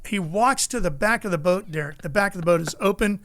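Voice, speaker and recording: A middle-aged man, a motorsports broadcaster, telling a story with lively energy in a podcast interview. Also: sits high, fairly quick, dry recording. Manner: lively anecdotal storyteller, acts out the people in his stories.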